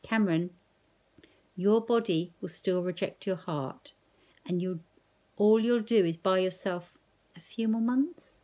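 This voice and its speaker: A woman's voice: medium pitch, unhurried, pauses often, dark tone, natural voice. A male hospital doctor in a storybook presses his point firmly and protests, as a woman reads him aloud. His manner is insistent and serious. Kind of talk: reading a novel aloud.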